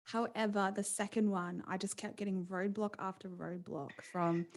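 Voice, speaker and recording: A woman's voice: mid-range voice, steady tone, moderate pace. Dry-humoured Australian woman guest. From east coast of Australia. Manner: dry, laughing easily. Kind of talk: conversational interview.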